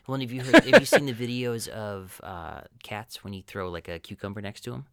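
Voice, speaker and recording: A man hosting a podcast, chatting in a relaxed, encouraging way. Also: fairly low pitch, brisk, smooth, no echo. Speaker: podcast host. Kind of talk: casual conversation.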